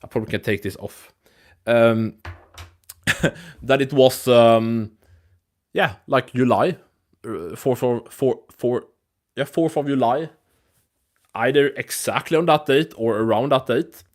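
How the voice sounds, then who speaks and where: A man hosting a live stream, chatting loosely and thinking out loud. His talk is rambling, full of restarts and casual swearing. His pitch sits in an ordinary middle range for a man. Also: takes it slowly, pauses often. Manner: rambling, loose and profane, with frequent restarts and fillers. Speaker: host of a live MMA news stream.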